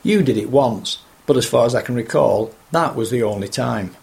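A man interviewing a fellow angler, speaking in measured, articulate, full sentences. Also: mid-range voice, gravelly, darkish tone.

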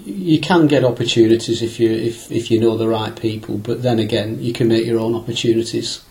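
A man's voice: mid-range voice, fairly quick, a little mellow, rough recording. A man in a casual conversation, recalling fishing trips in a rambling, anecdotal way with many fillers and restarts.

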